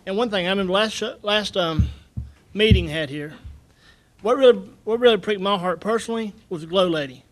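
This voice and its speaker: A man giving an earnest, halting public comment at a county meeting podium, repeating his words as he goes. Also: high-pitched. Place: county commission meeting room.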